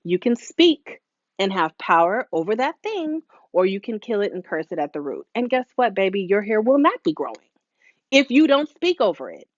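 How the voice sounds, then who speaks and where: Woman, live talk host, hair stylist, preachy, lively swooping pitch, dry dull lo-fi sound. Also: normal speed, dry recording. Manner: preachy and animated, acts out quoted voices; casual, with many fillers and asides.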